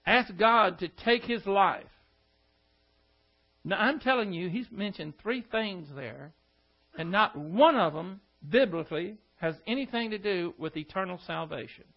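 A man with a high voice preaches a sermon. He keeps asking his listeners pointed rhetorical questions and throws in scornful asides. The recording sounds dull and lo-fi. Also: animated, unhurried.

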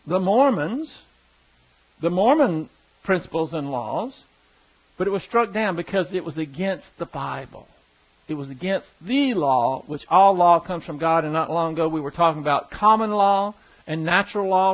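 High-voiced man teaching a folksy Bible class. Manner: folksy, explanatory, asks the class questions. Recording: dull lo-fi classroom recording.

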